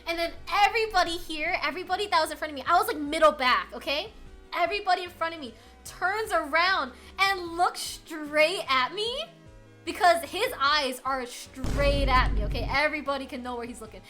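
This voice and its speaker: Bright, animated young woman streamer. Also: high-pitched, normal speed, faint music behind. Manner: animated, laughing, lots of filler words. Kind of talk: casual storytelling chat.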